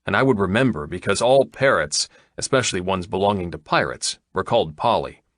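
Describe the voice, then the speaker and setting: Low-voiced male audiobook narrator. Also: lively intonation, fairly quick, a bit bright, no echo. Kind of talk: first-person audiobook narration.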